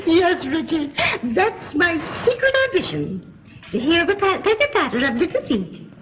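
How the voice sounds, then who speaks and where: An actress playing a fussy, doting old mother in an old film, fond of her grown son and quick to laugh through tears. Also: very high-pitched, huge pitch swings, fairly bright tone, slight background noise, heavily acted, poor audio. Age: older.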